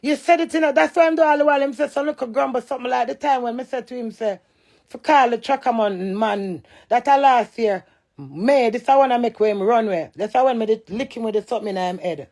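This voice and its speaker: Loud, gravelly Jamaican woman ranting. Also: on the high side, fairly quick. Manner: loud, cantankerous, swearing in patois. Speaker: live streamer. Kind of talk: heated live-stream rant.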